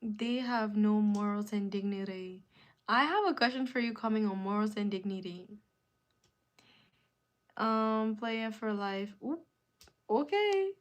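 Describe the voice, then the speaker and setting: Slow-talking woman hosting a live stream. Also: mid-range voice. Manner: emphatic, repeats phrases, drawn-out delivery. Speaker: live-stream host answering viewer comments. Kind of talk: casual live-stream chat.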